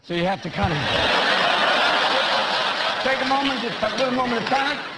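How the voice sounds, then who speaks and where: A man performing a stand-up comedy set in a large theatre, with a fast, mocking delivery. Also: very high voice, animated. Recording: loud noise, live theatre.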